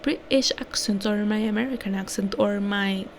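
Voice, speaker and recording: A young woman whose first language is Spanish wraps up a vlog in a loose, rambling way. She keeps correcting herself and sometimes drops to a whisper. Her voice has a gravelly fry, and there is a faint hiss of noise behind her. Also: medium pitch, normal speed. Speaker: vlogger. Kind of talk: casual rambling vlog outro.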